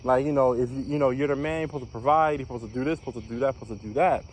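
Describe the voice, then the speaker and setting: A man's voice: mid-range voice, very fast, a little hiss or hum. A young man casually telling a personal story as a vlogger, rambling and repeating phrases.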